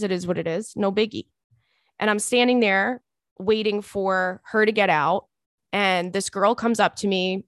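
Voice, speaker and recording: A woman's voice: mid-range voice, dry recording, studio quality. A woman, telling a story in casual chat as podcast host and acting out the people in it. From Long Island, New York. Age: 30s. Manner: animated, acts out voices in anecdotes.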